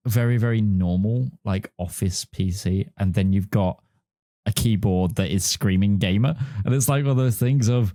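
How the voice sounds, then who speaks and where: A man's voice: fairly low pitch, moderate pace, warm tone, no room sound, clean studio sound. A man co-hosting a podcast in easygoing casual chat, often repeating words as he thinks. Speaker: podcast co-host. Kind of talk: casual chat reviewing desk setups.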